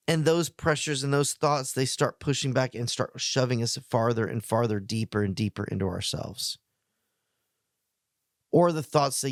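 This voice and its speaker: A middle-aged male pastor giving a heartfelt, plainspoken message to men, earnest, with emotional pauses. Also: mid-range voice, no echo, studio quality.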